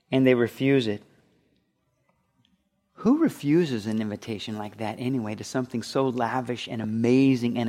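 A man preaching a sermon, animated, acting out quoted voices as he teaches. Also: mid-range voice. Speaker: pastor.

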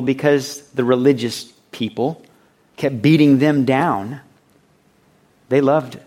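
A man's voice: medium pitch, a little mellow. A man preaching a sermon as a pastor, talking conversationally and reading scripture aloud. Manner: conversational, acts out quoted voices.

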